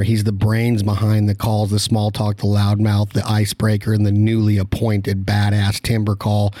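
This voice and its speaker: A man's voice: fairly low pitch, darkish tone, dry recording, studio quality. A man from Nevada hosting a hunting podcast, chatting casually and joking with his guest. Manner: joking, teasing, rapid banter. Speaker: podcast host. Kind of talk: casual podcast chat and sponsor reads.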